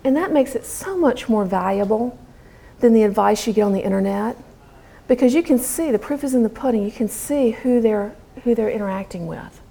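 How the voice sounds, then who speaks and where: This middle-aged American woman has a brisk, gravelly voice that sits on the high side. Addressing a live audience about homeschooling, she tells lively stories and acts out the quotes.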